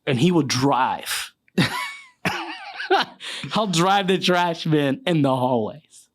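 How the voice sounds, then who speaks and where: A man's voice: fairly high pitch, expressive, slow pace. A man from Iraq, telling war stories as a guest in a casual chat, laughing often and swearing freely.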